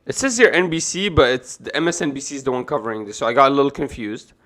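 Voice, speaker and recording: A man streaming a casual video reaction, excitable and profane, talking to his chat. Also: mid-range voice, quick pace. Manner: excitable, profane, laughs hard.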